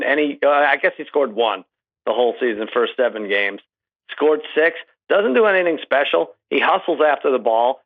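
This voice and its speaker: Male guest, mid-pitch, dry teasing storyteller heard over a muffled line. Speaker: regular podcast guest. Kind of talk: casual chat. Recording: dull, muffled remote line.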